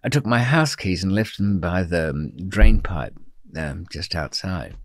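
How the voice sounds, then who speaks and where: An older man telling stories as a guest in a studio interview, dry and wry, with frequent pauses and restarts. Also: low-pitched, expressive, no room sound. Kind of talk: storytelling in a long-form interview.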